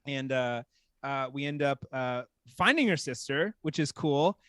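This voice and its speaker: A man from small-town Texas telling a casual story as a podcast guest, animated and full of "like". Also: mid-range voice, unhurried, clear, resonant tone, dry recording, studio quality. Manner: animated, heavy use of "like".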